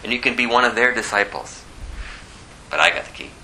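A man's voice: fairly low pitch, animated, a little fast, bright, forceful tone, slight background noise, poor audio. A man giving an informal sermon as a Bible teacher, emphatic and conversational, repeating phrases for effect. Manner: conversational with asides.

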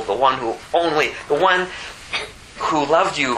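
A man's voice: a little slow, sharp tone, slight background noise, poor audio. A man preaching a sermon, his voice rising sharply when he gets emphatic. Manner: impassioned, pitch climbing sharply when emphatic.

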